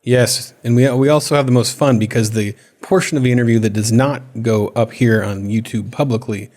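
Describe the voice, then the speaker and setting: A man's voice: medium pitch, steady tone, darkish tone. A man hosting an interview show, asking questions in casual chat. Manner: quick, conversational questions. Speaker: host.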